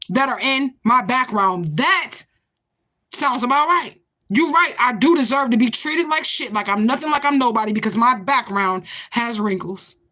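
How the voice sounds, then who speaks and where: Woman, high bright voice, sarcastic and profane livestream rant. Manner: heated, sarcastic, profane, rapid-fire questioning. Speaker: livestream host.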